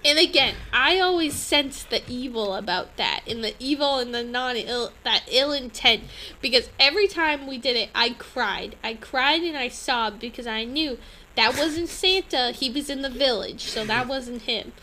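High, bright giggly woman podcaster. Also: normal speed, a little hiss or hum, poor audio. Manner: giggly, animated, lots of laughing. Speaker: podcast co-host. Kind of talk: casual chat.

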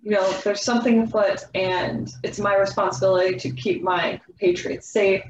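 A woman's voice: mid-range voice, steady tone, moderate pace, noisy background, close to an everyday voice. A woman voicing a devout young woman cleric who prays in a hesitant, earnest whisper. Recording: echoey dull room sound.

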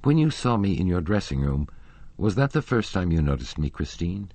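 A jealous young nobleman fires rough, accusing questions, voiced by a man. The voice is deep and husky and swings widely in pitch. It is read close and dry, audiobook style. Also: sing-song, moderate pace, a little mellow, no echo, full character voice.

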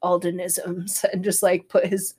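A woman's voice: lowish voice, little pitch movement, a little slow, a little mellow, husky. A woman co-hosting a podcast, joking playfully in casual chat and breaking into laughter. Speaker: podcast co-host.

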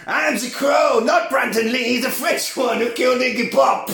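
A man voicing a flamboyant, sassy old male vampire in a high, theatrical put-on voice. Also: a little hiss or hum. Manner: high camp voice, shouting, drawn-out. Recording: roomy echo.

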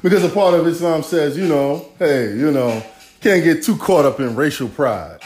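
Profane, streetwise male podcast host in his forties, a bit high-voiced, riffing alone in a roomy space. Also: lively intonation, normal speed, darkish tone. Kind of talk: casual solo monologue.

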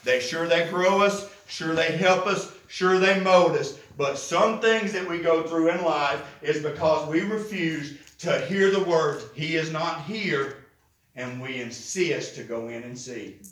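A man's voice: a little high, a little slow, a bit bright, roomy sound, distant mic, rough recording. A man preaching a sermon as pastor, with rising, impassioned emphasis and lots of repetition.

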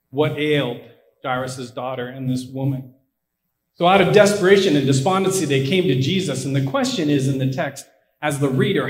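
A man preaching in a conversational, storytelling way, his voice sitting a bit high for a man. He drops in asides and acts out quoted lines. The sound rings around an echoey room. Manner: frequent asides and fillers like "I mean" and "you know". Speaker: pastor. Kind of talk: conversational sermon retelling a Bible story.

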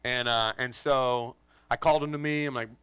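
A man in his forties, a pastor telling a funny family story to his congregation in an animated, joking way. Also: medium pitch, normal speed, clean tone, dry recording. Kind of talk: storytelling sermon. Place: church in front of a congregation.

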